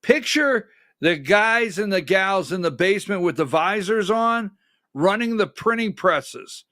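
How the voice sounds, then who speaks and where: A man's voice: sits high, lively intonation, measured pace, bright, forceful tone, no echo, clean studio sound. A man hosting a conservative political talk show, giving sarcastic, emphatic commentary and calling directions to his producer.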